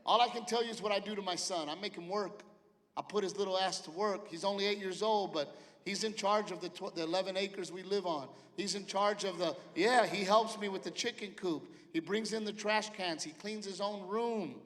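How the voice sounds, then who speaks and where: Punchy comedian on a theater stage. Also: male voice, high voice, brisk. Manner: loud, punchy delivery with sudden shouted punchlines. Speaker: stand-up comedian. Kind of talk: stand-up comedy set. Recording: live theater with long reverb and faint ambience.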